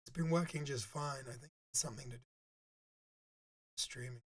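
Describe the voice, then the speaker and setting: A man live-streaming in casual chat with his viewers, his voice squeaky and hoarse from a sore throat. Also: fairly even intonation, moderate pace, fairly bright tone. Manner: chatty, talks to viewers while setting up.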